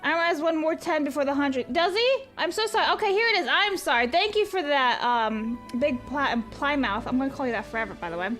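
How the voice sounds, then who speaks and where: Woman streamer, very high voice, rambling and foul-mouthed, faint music underneath. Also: brisk, few pauses. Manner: rambling, swears freely, laughs at her own stories; chatty and animated while reading donations. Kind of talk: casual live-stream chat.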